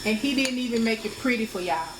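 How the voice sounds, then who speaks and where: A woman's voice: a little high, animated, quick pace. An American woman chatting casually to her viewers as she cooks at home, often calling them y'all. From United States. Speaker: cooking vlogger. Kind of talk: casual cooking vlog. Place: home kitchen. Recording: echoey kitchen with background noise.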